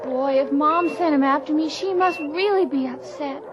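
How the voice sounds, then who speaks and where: A frightened runaway boy, as a woman acts him out, hungry and talking nervously to himself in a high voice. It sounds like an old radio drama, with a dull lo-fi sound. Loud hiss and barking dogs sit behind him. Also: moderate pace, close to an everyday voice. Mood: worried. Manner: talks to himself, anxious then resigned. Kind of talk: 1950s radio drama acting.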